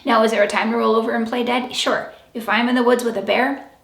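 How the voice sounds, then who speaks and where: A woman's voice: fairly high pitch, fairly even intonation, fast, vocal fry. A woman giving blunt, emphatic relationship advice straight to camera, coaching the listener firmly. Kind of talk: direct-to-camera advice talk. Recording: echoey room.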